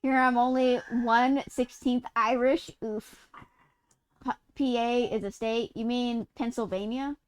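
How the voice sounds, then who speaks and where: Woman streamer from Utah, high and clear, loose rambling storyteller who swears and laughs through it. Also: steady tone, measured pace. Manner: rambling, profane, laughs mid-sentence. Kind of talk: casual live-stream chat while gaming.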